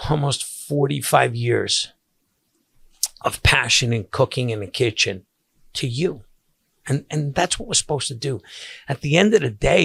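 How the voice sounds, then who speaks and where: Older Long Island man as podcast host, gravelly and bright, husky, casual storyteller. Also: medium pitch, dry recording. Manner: animated storyteller with many restarts.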